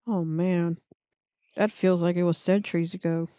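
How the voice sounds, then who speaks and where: A young woman streamer chatting at her desk, rambling and laughing as she reads chat. Her voice is smooth and mellow, close and dry, with slightly dull, muffled stream audio. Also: lowish voice, steady tone, moderate pace, dry recording. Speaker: livestream host reading chat.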